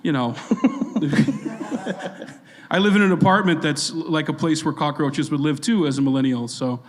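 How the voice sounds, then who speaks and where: A man in his thirties riffs through a live comedy podcast on stage, self-deprecating and quick with a joke. His voice sits high for a man and carries a long reverb from a big hall. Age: 30s. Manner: jokey, self-deprecating, riffing with the crowd. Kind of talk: live stand-up banter. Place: legion hall stage before a live audience.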